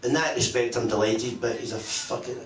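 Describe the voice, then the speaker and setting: A man's voice: mid-range voice, steady tone, a little fast, far from the mic, heavy background noise. A middle-aged man, a former footballer, tells profane, self-mocking stories on stage at a live event in a function room. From Scotland. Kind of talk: live anecdote storytelling on stage. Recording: echoey room, voice picked up from afar.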